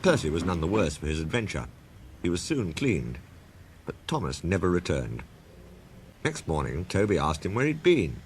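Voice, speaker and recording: A man reads a children's railway story aloud in a lowish voice that moves lively up and down with the tale. A steady noise hums behind the recording. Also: moderate pace. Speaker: narrator. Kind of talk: storybook reading.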